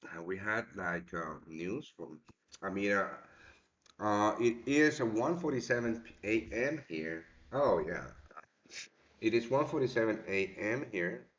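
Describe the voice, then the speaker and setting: A man's voice: fairly low pitch, expressive, unhurried, a bit bright, highs cut off. A man hosting a live trading show, giving casual, rambling market commentary, swearing now and then and calling his viewers mate. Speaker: forex trading show host.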